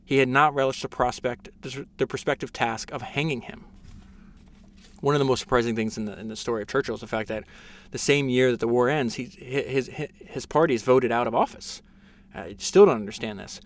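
Speaking a little fast in a mid-range voice, a podcast host eagerly sums up a biography in a casual episode. He reads passages aloud, often stumbling into fillers and restarts.

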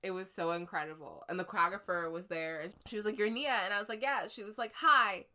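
A woman from the United States telling a story in casual chat, lively and animated, acting out the voices she quotes. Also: lowish voice, fast talker.

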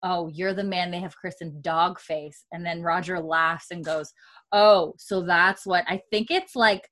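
Low-pitched woman recapping with many fillers. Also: steady tone, unhurried, a bit bright. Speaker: podcast co-host recapping a TV episode. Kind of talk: casual chat.

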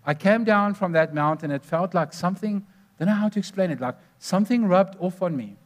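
A man's voice: sits high, fairly quick. A man preaching a sermon, telling stories earnestly and stressing numbered points.

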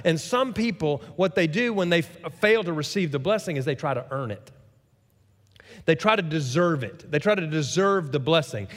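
A man preaching a sermon, telling a story with lively acted-out quotes. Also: on the high side, long reverb tail. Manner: animated storytelling, acts out quoted voices. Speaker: pastor.

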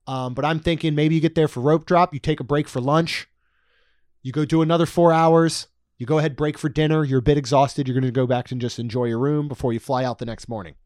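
A man's voice: on the high side, fairly even intonation, fast talker, darkish tone, dry recording, studio quality. A man co-hosting a podcast in casual chat, reading out prices with jokey asides. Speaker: podcast co-host. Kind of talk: casual podcast chat about theme park costs.

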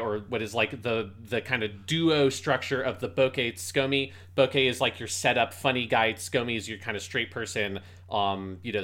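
A man with a bright, forceful voice co-hosting a casual review podcast. He talks in loose, animated bursts, swears freely and slips into quick impressions of what characters say. His pitch sits in an ordinary middle range. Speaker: podcast co-host.

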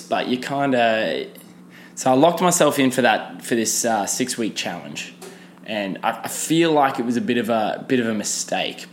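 A man's voice: medium pitch, slight background noise. A young man, rambling casually through a solo podcast with lots of fillers and restarts. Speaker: podcast host.

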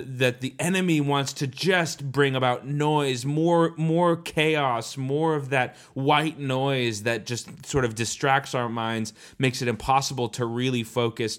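A man's voice: medium pitch, fairly bright tone. A man co-hosting a reflective faith discussion, earnest and thoughtful, often searching for words as he talks. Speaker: podcast co-host.

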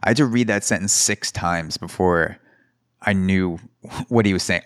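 A man with a low, deep voice hosts a solo podcast, riffing sarcastically and rambling through mock quotes. He sounds close and dry on the mic, with no room around him. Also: normal speed, no room sound. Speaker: podcast host. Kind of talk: solo comedic commentary.

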